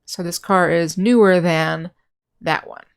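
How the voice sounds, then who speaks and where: A woman English teacher giving a grammar lesson, explaining patiently step by step and slowing down to repeat example words. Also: on the low side, fairly even intonation, vocal fry, clean tone.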